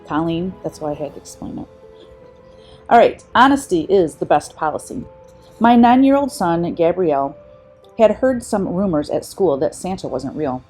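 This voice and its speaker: A woman's voice: fairly low pitch, lively intonation, moderate pace, mellow. A woman in her fifties, a vlogger, reading short funny anecdotes aloud in a light, amused way. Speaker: vlogger host. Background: faint background music.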